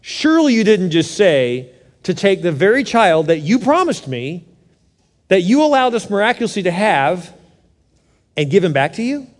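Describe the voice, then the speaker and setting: A preacher acts out an incredulous older man, stammering and protesting that he must have heard wrong. His fairly high voice rings with long reverb through a large hall. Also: sing-song, moderate pace.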